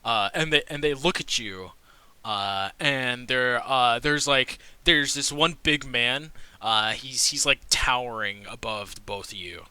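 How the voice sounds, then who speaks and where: Bright-voiced, halting male game master. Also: mid-range voice, smooth, no room sound. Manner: halting, full of fillers and restarts. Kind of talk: narrating a tabletop game.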